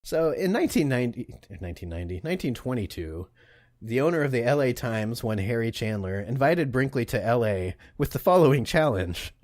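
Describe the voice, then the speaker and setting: A man's voice: medium pitch, expressive, brisk, a little mellow, no echo. A man co-hosting a podcast, casually telling an odd history story with lots of jokes, swearing and laughter. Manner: profane, jokey, laughs often. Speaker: podcast co-host. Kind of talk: casual comedic history chat.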